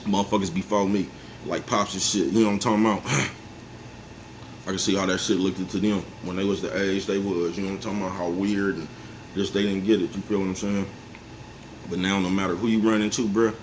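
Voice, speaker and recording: A man in his forties talking to his viewers in a casual, rambling monologue, laughing to himself and often asking whether they follow him. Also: low-pitched. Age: 40s. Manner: laid-back, repeats "you know what I'm talking about", chuckles often. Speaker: vlogger. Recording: faint background noise.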